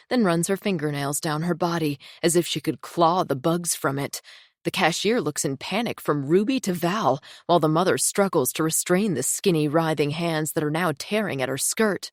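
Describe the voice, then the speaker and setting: Low-voiced woman narrating a thriller. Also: no echo, studio quality. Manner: tense, measured storytelling. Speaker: audiobook narrator.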